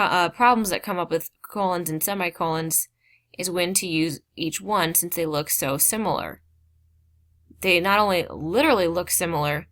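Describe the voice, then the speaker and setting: A low-voiced woman teaching grammar to a class. She explains with patient emphasis on key terms. She slips in informal asides along the way. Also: a bit bright. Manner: explains slowly, stressing key words, with casual asides. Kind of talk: grammar lesson.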